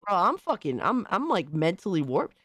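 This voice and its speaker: A man hosting a casual live stream, hoarse from recent illness, talking excitably with lots of swearing as he thanks viewers. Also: high voice, normal speed, no room sound, studio quality. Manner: excitable, profane, shouting out viewers.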